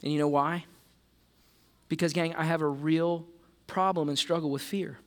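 A middle-aged man preaching with a high, bright-toned voice. He is animated and lively, slipping into quick character voices for the people in the story, then dropping to a softer, lower register for the tender parts. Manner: animated, plays disciples and Jesus in quick voices. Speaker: pastor. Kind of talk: sermon.

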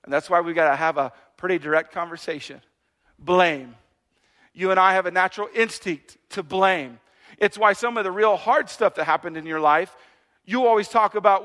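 Male pastor, high bright voice, lively joking sermon delivery. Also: moderate pace. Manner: animated, conversational preaching with playful asides.

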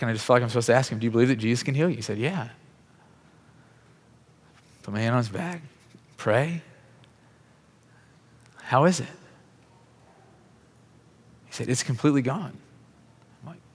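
A man telling a testimony in a sermon, casual and conversational, acting out the people in his story. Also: mid-range voice. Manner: lively storyteller who acts out quoted dialogue; conversational, casual fillers like "like" and "bro". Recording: long reverb of a large hall.

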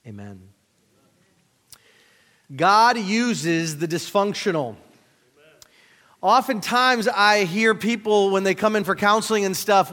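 A man's voice: sits high, lively intonation, slow, pauses often, bright, forceful tone. A man preaching as a pastor, reading scripture with plain-spoken, jokey asides and leading a prayer. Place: church sanctuary. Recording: reverberant hall.

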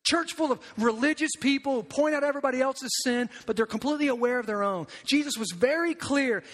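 A pastor giving an animated, emphatic sermon, acting out quotes in different voices. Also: male voice, extremely high pitch, big-room sound.

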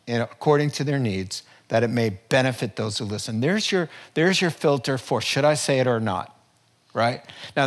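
Male preacher, mid-pitched, chatty sermon delivery with lively asides, speaking from a church platform. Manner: conversational, animated storytelling with asides. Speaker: pastor.

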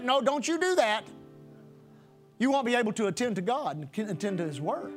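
A male pastor delivering a sermon in a strikingly high voice. He drives his points home by repeating phrases over and over in a rhythmic preaching cadence. Soft music plays faintly behind him. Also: expressive, a little fast.

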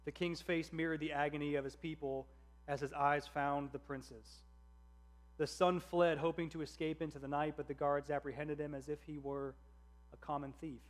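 A man reading a story aloud in a measured, earnest narration. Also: fairly high pitch, little pitch movement.

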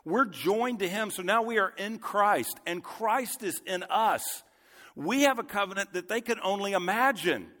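A man's voice: sits high, expressive, normal speed, sharp tone. A man preaching a sermon as pastor, earnest and building to fervent emphasis. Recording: long hall reverb.

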